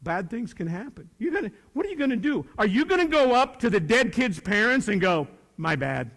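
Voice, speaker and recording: A man in his sixties, a retired teacher, gives a folksy, plainspoken talk to high school students, swinging from loud to hushed. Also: very animated, a little fast. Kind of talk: motivational speech to students. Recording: long reverb of a large hall.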